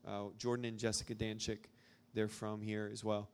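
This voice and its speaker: A man's voice: fairly low pitch, monotone, normal speed, a little mellow, clear, resonant tone. Young guy from arkansas, rambling storyteller, talking to a crowd, lots of "like" and "um". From Arkansas, USA. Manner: chatty, rambling storytelling with many fillers. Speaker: speaker at a church gathering. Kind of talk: informal talk to a live audience.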